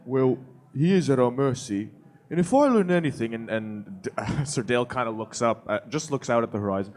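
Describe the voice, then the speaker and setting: Animated male tabletop player. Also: medium pitch, moderate pace. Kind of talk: live tabletop game play.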